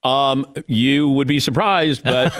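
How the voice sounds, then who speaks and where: A man's voice: mid-range voice, takes it slowly. A male radio show host telling a story in casual chat, acting out the quotes as he goes. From Irish heritage. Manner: animated storyteller, acts out quotes.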